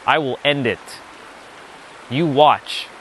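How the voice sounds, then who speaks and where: A man's voice: mid-range voice, takes it slowly, fairly bright tone, a little hiss or hum. A man giving an unscripted spiritual lesson, blunt and emphatic, often swearing. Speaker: spiritual teacher.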